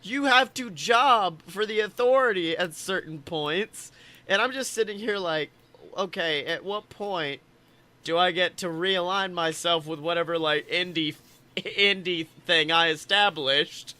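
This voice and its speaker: A young man co-hosting a casual podcast, telling excited stories and acting out quotes. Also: high voice, measured pace. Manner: excitable storytelling, acts out quotes. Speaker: podcast co-host. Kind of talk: casual chat.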